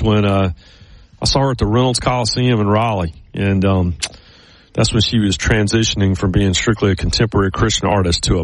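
A man's voice: lowish voice, no echo. A man co-hosting a casual chat, telling stories in a rambling way with many restarts.

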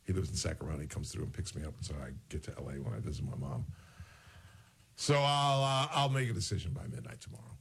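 A man's voice: very deep voice, lively intonation, fast talker, husky. A man hosting a show, telling rambling personal stories in casual chat and acting out the dialogue. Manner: rambling, digressive, acts out quoted dialogue. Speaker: radio-style show host.

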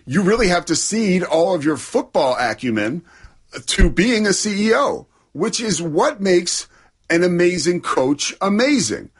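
A man's voice: high-pitched, very animated, unhurried, slightly rough. A man co-hosting a casual sports talk show, chatting with enthusiasm about college football.

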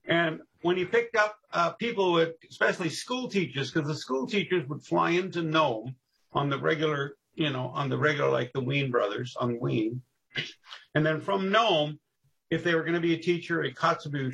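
Man, podcast guest, animated yarn-spinner, forceful, husky. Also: a little high, poor audio. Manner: animated, jumps into voices, laughs at his own stories. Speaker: guest storyteller on local history. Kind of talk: casual podcast storytelling.

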